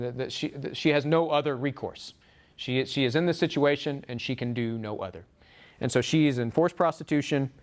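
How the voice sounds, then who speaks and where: A man giving a lecture to a small group, animated, acting out quotes from the book. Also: medium pitch. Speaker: speaker. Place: room with a small audience. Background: audience laughter.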